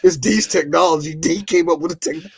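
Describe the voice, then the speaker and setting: A man's voice: fairly high pitch, fast, vocal fry, music in the background. A man co-hosting a casual comedy podcast, riffing and acting out bits with bursts of laughter. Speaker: podcast co-host.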